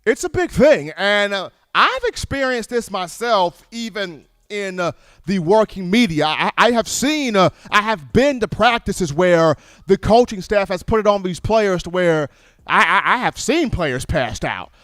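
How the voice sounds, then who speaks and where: High-voiced man talking college football. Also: a little slow, dry recording. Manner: animated, repetitive, stumbling restarts. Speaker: college football show host. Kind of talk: casual sports commentary.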